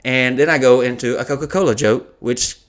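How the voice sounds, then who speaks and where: A man's voice: medium pitch, brisk, a little hiss or hum. Profane male comedian telling a story. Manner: profane, animated anecdote-telling. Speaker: comedian and podcast host. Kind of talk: casual storytelling chat.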